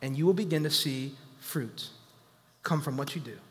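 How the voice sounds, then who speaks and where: A man's voice: fairly high pitch, moderate pace. A man in his thirties preaching a sermon as a pastor, rising and dropping in volume and acting out the voices of people he quotes. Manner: preaching with sudden rises and drops in volume. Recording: long hall reverb.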